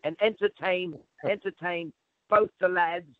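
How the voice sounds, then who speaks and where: A man's voice: high voice, fairly even intonation, a little slow, no room sound. Jokey Englishman on a muffled line. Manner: jokey, self-mocking. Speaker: guest, author. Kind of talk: casual chat on a phone call.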